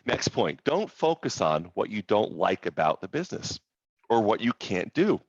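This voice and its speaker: A man hosting a group coaching call, talking in an animated, motivational way over video call. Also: on the low side, moderate pace, no echo, highs cut off. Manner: animated, motivational, quotes inner voices.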